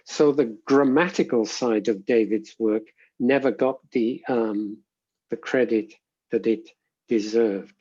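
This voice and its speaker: Guy professor explaining his field, husky voice, a bit muffled audio, keeps pausing to rephrase. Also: medium pitch, a little mellow. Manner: measured, reflective, often pausing to rephrase. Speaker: interviewed linguistics professor. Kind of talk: thoughtful interview answers.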